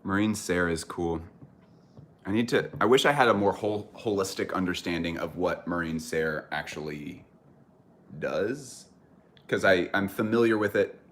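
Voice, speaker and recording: A man's voice: deep voice, measured pace, a bit bright. An American man hosting a casual livestream chat, rambling and correcting himself as he talks to viewers. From United States. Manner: rambling, self-correcting, breaks into laughter. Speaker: streamer chatting with viewers.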